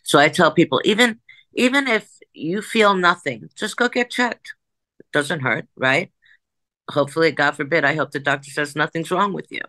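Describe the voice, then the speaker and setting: A woman's voice: sits low, moderate pace, sharp tone, dry recording. A woman in her sixties, a psychic guest telling stories in an emphatic, rambling way that jumps back and forth. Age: 60s. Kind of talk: conversational storytelling.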